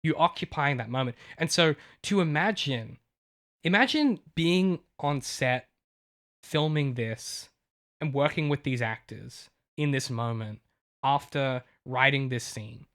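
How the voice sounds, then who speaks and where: A man's voice: medium pitch, expressive, measured pace, fairly bright tone. A male podcast co-host and novelist in casual chat, talking emotionally in long rambling runs full of restarts.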